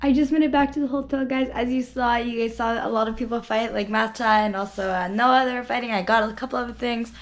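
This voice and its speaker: A hoarse young woman from Canada, chatting casually to camera as a vlogger, rambling with lots of fillers. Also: a little high, steady tone, fast, hardly any pauses, noisy background. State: hoarse, losing her voice. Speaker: vlogger and karate competitor. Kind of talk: casual vlog chat to camera. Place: hotel room.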